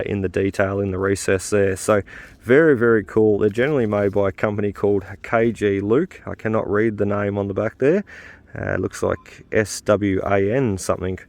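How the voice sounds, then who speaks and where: A man's voice: on the low side, darkish tone, no echo. A man, hosting a detecting vlog outdoors in casual, chatty talk. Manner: chatty, laughs easily, many uh fillers. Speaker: detecting channel host. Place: outdoors in a field.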